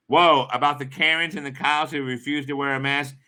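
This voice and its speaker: A man's voice: medium pitch, fairly even intonation, brisk, sharp tone, clear, resonant tone. A man chatting on his live stream in a rambling, crude and profane way. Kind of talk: casual live-stream chat.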